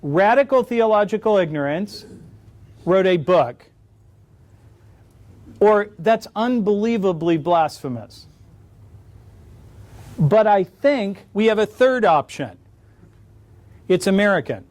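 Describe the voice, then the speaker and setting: High-voiced man telling wry stories. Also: lively intonation, slow, pauses often, a little mellow. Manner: wry, joking storyteller. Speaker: conference speaker. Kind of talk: lecture Q&A answer. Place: conference hall.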